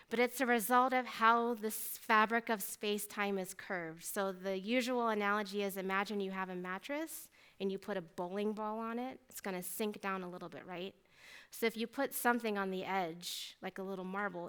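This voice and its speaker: A woman giving a personal testimony talk at a symposium, earnest and animated, acting out her own past thoughts as she tells her story. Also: mid-range voice, smooth. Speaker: symposium speaker. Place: lecture hall.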